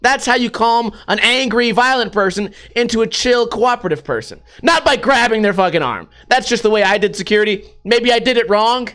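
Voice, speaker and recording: A man vlogging in a casual, profane monologue, telling animated stories. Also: extremely high pitch, brisk, few pauses, smooth. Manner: profane, animated storytelling with laughs.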